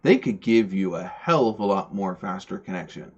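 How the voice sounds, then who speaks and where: Male podcast host, casual and rambling, repeats himself; fairly low voice, dull stream sound. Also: lively intonation, moderate pace, darkish tone, husky. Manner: rambling, stumbles and repeats words. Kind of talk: casual livestream chat.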